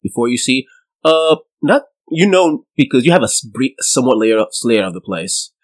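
A man narrating a tabletop game as game master, in a casual, halting way. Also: mid-range voice, big pitch swings, low-quality recording.

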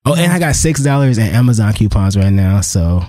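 A man's voice: lowish voice, sing-song, a little fast, warm tone, no echo, clean studio sound. Giggly laid-back man, podcast co-host. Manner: laughs a lot, laid-back slang. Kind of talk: casual podcast chat.

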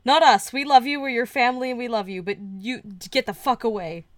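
A woman's voice: fairly high pitch, fairly quick, dry recording, close to an everyday voice. A woman voicing a hypocritical, bigoted older father who switches from mock tenderness to harsh scolding of his son. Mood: mock-tender.

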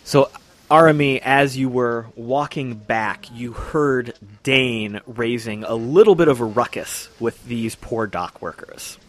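Measured male game master narrating. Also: medium pitch, a bit bright.

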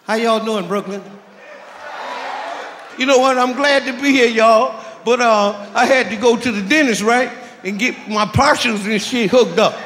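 A man's voice: extremely high pitch, normal speed, a bit bright. A man from Detroit doing a profane stand-up comedy set, chuckling through his own punchlines, recorded live on a comedy club stage. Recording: echoey live club recording with crowd noise. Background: audience laughter and club ambience.

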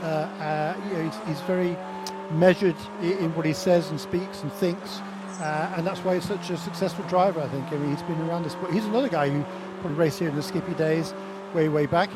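A man's voice: fairly high pitch, fairly quick. A man commentating on a race, giving reflective, chatty analysis of drivers and teams. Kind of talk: broadcast commentary. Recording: race car noise behind.

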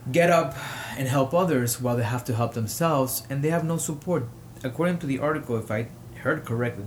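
A man hosting his own show, giving personal commentary with emotion, pausing often and rising to indignation. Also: mid-range voice, slight background noise. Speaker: podcast host.

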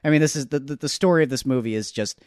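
A man's voice: mid-range voice, a little mellow, clean tone, no room sound, clean studio sound. A man co-hosting a podcast, reviewing a film in a casual, thoughtful way with frequent restarts. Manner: thoughtful, halting restarts, laughs easily. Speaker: podcast co-host.

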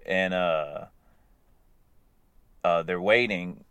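A man casually recapping animated episodes in a loose, rambling way, chuckling as he goes. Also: low voice, very slow, smooth, dry recording.

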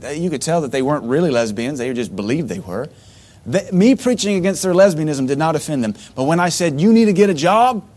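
A middle-aged man preaches a sermon as pastor, animated and on the high side, breaking into sudden loud outbursts and mocking asides.

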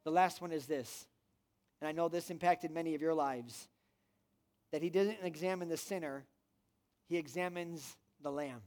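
High-voiced man preaching emphatically. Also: normal speed, pauses often, a little mellow. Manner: emphatic, asks the listeners rhetorical questions. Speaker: pastor. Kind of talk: sermon. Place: church room with an audience.

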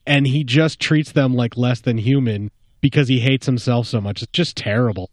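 A man's voice: medium pitch, normal speed, a little mellow, no room sound, clean studio sound. A man co-hosting a casual film chat, blunt and ranting, swearing freely. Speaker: podcast co-host. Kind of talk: casual chat about films.

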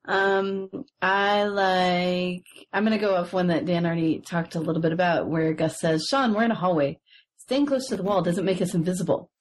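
A woman's voice: on the low side, fairly even intonation, normal speed. A woman co-hosting a casual podcast chat, enthusiastic and giggly. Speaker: podcast co-host.

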